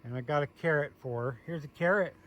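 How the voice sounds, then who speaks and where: Man, casual farm vlog, outdoors by animal pens, sweet coaxing voice, slightly raised pitch. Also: fast, dull audio. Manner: talks sweetly to his goats in a coaxing voice. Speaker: homesteader showing his animals.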